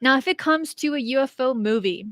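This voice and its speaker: A woman's voice: sits high, fairly quick, no room sound. A young woman hosting her channel, chatting casually and animatedly as she answers viewer questions. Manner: chatty, animated, laughs easily. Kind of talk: casual chat.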